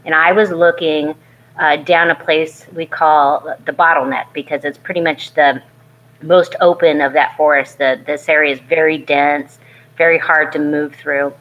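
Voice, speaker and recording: Woman, low-pitched, archaeologist guest, animated and rambling in her anecdotes. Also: moderate pace, lo-fi sound, slight background noise. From California. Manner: lively, rambling storyteller with restarts. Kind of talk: conversational storytelling.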